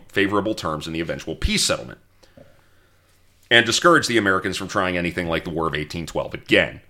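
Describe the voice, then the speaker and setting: A man's voice: sits low, bright, forceful tone. A man hosting a podcast, narrating history in a storytelling way, reading out quotes and adding wry asides. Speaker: podcast host.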